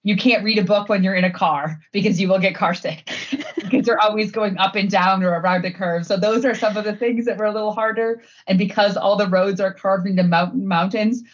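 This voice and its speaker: A middle-aged Wisconsin woman, head of sustainability, chats casually as an interview guest, laughing often and peppering her speech with "um" and "like." Her medium-pitched voice stays fairly even and brisk, and the audio sounds dull.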